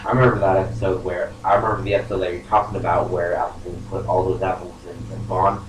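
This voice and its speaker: Deep-voiced young man player. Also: little pitch movement, quick pace. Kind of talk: casual role-play chat. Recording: roomy room, faint noise.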